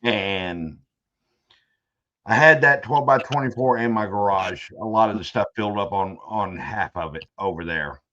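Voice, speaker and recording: Low-voiced man on lo-fi audio. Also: moderate pace, pushed and bright. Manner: rambling storyteller, joking. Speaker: podcast host. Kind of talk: casual podcast chat. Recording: dull lo-fi audio.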